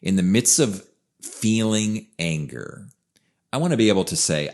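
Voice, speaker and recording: A man's voice: fairly low pitch, lively intonation, measured pace, a little mellow. A man co-hosting a podcast, talking in an earnest, reflective way and stressing his points with repeated phrases. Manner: earnest and reflective, emphatic repetitions. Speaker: podcast co-host. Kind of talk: casual conversational podcast talk.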